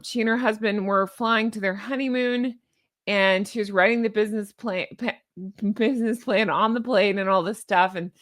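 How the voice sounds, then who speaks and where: Woman commentator, mid-pitched, sarcastic and chatty, dry close sound. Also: fairly bright tone, no room sound. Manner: chatty and sarcastic, laughing at her own remarks. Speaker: YouTube commentator. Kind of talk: casual commentary vlog.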